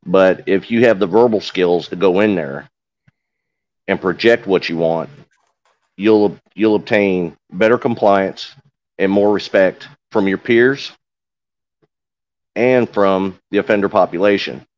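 A man's voice: deep voice, measured pace, pauses often, highs cut off. A man with an accent, a corrections veteran speaking plainly on a panel, with many "you know" fillers. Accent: noticeable regional accent. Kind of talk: casual panel talk.

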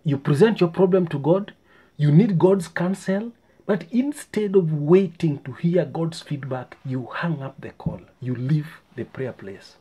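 A man giving a short, earnest sermon in a calm voice. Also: on the high side, unhurried, breathy edge. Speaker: preacher.

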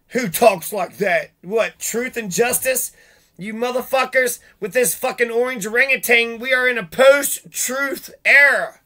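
High, bright-voiced man ranting angrily. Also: normal speed. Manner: profane, ranting, sarcastic. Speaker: vlogger. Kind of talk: angry rambling monologue.

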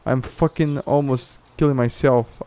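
A Brazilian gaming YouTuber with a Brazilian Portuguese accent gives excitable, exaggerated commentary and talks over in-game voice chat, swearing a lot. His mid-range voice is clean in tone and a little slow.

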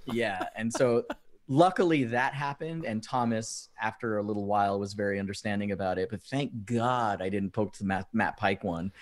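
Animated storytelling man. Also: lowish voice, moderate pace. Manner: animated, laughing, acts out quoted texts. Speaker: podcast guest, musician. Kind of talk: casual storytelling chat.

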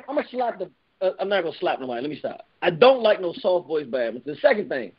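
A man with a notably high voice hosts a call-in radio show, talking loud and forceful, almost shouting his points. The sound is dull and lo-fi, like an old internet radio stream. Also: very animated, fast talker, breathy edge. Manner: loud, emphatic, near yelling. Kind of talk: heated call-in radio talk.

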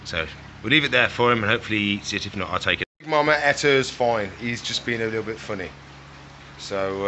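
A young man who keeps reptiles narrates a casual vlog while feeding his animals, playfully coaxing and scolding them as he works. His voice is on the low side with a sharp tone, and there's a slight hiss or hum in the audio.

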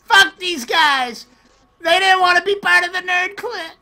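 A woman shouting and giggling in an excited gaming voice chat with friends. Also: extremely high pitch, measured pace.

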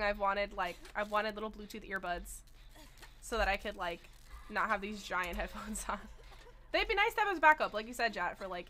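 A woman streaming a horror game at a desk microphone, chatting casually and breaking into laughs and shrieks. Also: medium pitch. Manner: excitable, laughs and shrieks often. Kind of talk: casual live-stream chat.

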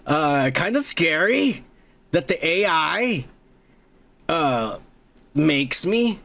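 A middle-aged man with a fairly high, gravelly voice hosts a podcast and reads out viewer comments. He talks in a loose, profane, joking way and breaks off to shout cheers to viewers. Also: very animated, drawn-out words. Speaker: podcast host. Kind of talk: casual comment-reading chat.

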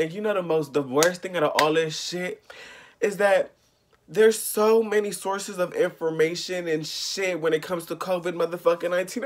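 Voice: mid-range voice, steady tone, normal speed. A young adult from the United States ranting in a casual vlog, profane, exasperated and rambling. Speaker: vlogger.

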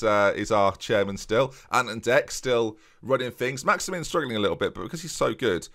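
A young gaming YouTuber with a lively pitch gives casual commentary over a football management game. He chats away, keeps speaking directly to his "viewers," and rises into loud, excited match commentary whenever a goal goes in.

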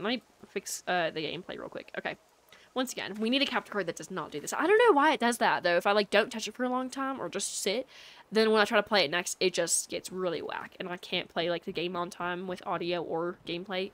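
A woman's voice: mid-range voice, a bit bright. A woman livestreamer chatting casually with her chat while gaming, rambling and filling her talk with likes and ums.

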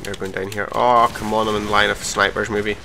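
A young man giving live commentary over his own gameplay, swearing and mocking himself between sudden excited outbursts. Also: on the low side, a little fast, noisy background. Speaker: gaming commentator.

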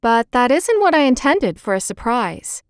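A woman voicing a brisk, caring older girl. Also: on the high side, very animated, clean tone, no echo, studio quality. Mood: gentle. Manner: brisk and soothing.

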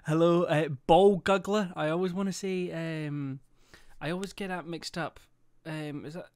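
A young man talks to his live-stream audience in a voice that sits a little high. He jokes, swears loosely and reels off lists of names. The sound is dry and close, with no room around it. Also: unhurried, darkish tone, clean tone, no echo. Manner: chatty, reads viewer names in bursts; swears casually, jokey. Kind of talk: casual live-stream chat.

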